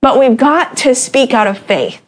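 A woman's voice: sits high, animated, unhurried. A woman in a casual faith discussion, speaking in an encouraging, exhorting way.

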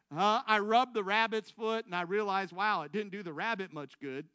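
Bright-voiced man preaching a testimony. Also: sits high, normal speed, smooth, dry recording. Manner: storytelling, acts out his own thoughts, audience call-and-response. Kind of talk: sermon testimony. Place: church.

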